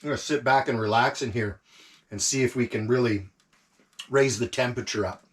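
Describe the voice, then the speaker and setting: A man filming a relaxed camp cooking vlog inside an ice fishing tent, savoring his food and talking with his mouth full. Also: mid-range voice, brisk, slightly rough. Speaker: outdoor vlogger.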